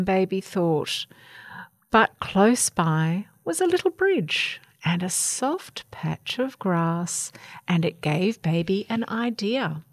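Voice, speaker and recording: A woman reading a children's picture book aloud in an expressive, animated way. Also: medium pitch, slow pace, no room sound, studio quality. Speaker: storyteller.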